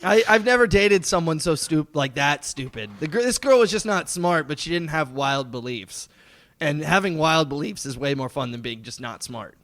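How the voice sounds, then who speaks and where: High-voiced young man, laughing and teasing. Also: expressive, moderate pace, a bit bright. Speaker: podcast guest. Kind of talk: casual chat.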